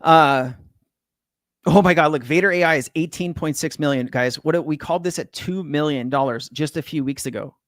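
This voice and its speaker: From his Hawaii home, a middle-aged California native streams about crypto, reading viewer comments in relaxed, profane, slangy banter peppered with "bro" and "man." His voice is slightly high and a bit bright, at a moderate pace, with studio-quality sound and no echo.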